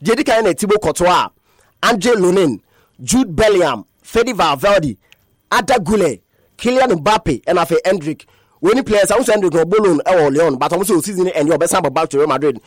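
A man presenting a radio sports news bulletin, talking fast and sometimes slipping into a sing-song lilt. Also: high-pitched, animated, no room sound, studio quality.

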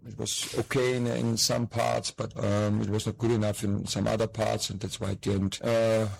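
A football coach giving subdued, hesitant post-match comments. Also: male voice, lowish voice, level tone, moderate pace, vocal fry, slightly rough, rough recording.

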